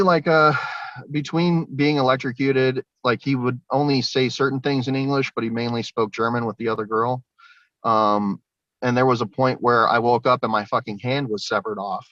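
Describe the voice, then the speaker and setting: Young man guest, loose rambling storyteller, mid-pitched, dry muffled line. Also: steady tone, moderate pace, fairly bright tone, dry recording. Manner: rambling, many fillers and restarts. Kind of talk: recounting personal experiences.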